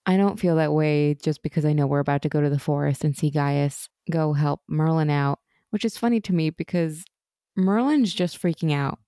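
A woman's voice: deep voice, moderate pace, mellow, clean tone, no echo, studio quality. A woman co-hosting a casual chat about a TV episode, enthusiastic and gushing, often acting out lines. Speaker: podcast co-host.

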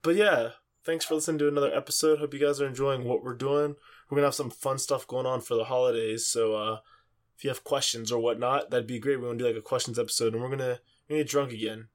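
A man's voice: mid-range voice, steady tone, fast talker. Rambling man on a casual podcast. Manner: rambling, filler-heavy storytelling. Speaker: podcast co-host.

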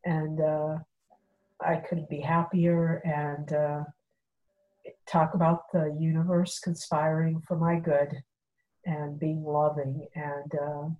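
A middle-aged woman telling a personal story in a casual way, animated and acting out quoted dialogue, with frequent fillers. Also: deep voice, slow pace, phone-quality sound.

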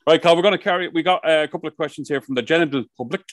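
A man's voice: fairly high pitch, very fast, very noisy. Rambling, swearing man telling stories. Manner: rambling storyteller, swears a lot. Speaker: podcast co-host. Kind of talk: casual chat. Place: outdoors by the coast.

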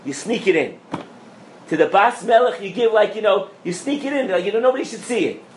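A man, a rabbi, giving a lively Torah class to a live audience, often asking if they follow him and mixing in Hebrew and Yiddish terms. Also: high voice, a little fast, reverberant, slight background noise. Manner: animated, asks the audience questions, mixes in Hebrew and Yiddish terms. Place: lecture room with an audience.

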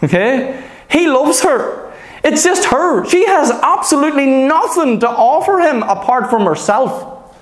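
High-voiced preacher in an echoey room. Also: male voice, big pitch swings, unhurried. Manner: earnest, repetitive, emphatic with frequent "Amen" and "Okay?". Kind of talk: sermon.

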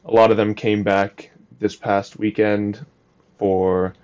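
A young man co-hosting a casual podcast chat, speaking in an even, flat tone that hides his jokes. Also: fairly low pitch, slow pace, lo-fi sound. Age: young adult. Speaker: podcast co-host.

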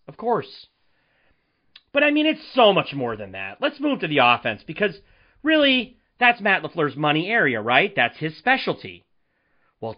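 Male solo podcast host, animated rant full of rhetorical questions, slightly muffled recording. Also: sits high. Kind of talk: solo sports commentary podcast.

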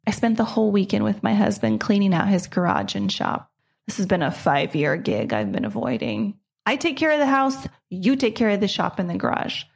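A woman's voice: medium pitch, gravelly, darkish tone, breathy edge. A middle-aged woman hosting her own podcast, telling a personal story in an earnest, reflective way. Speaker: podcast host.

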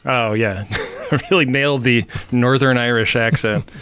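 A man's voice: mid-range voice, steady tone, measured pace, bright, forceful tone. Wry male podcast host. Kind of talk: casual podcast chat.

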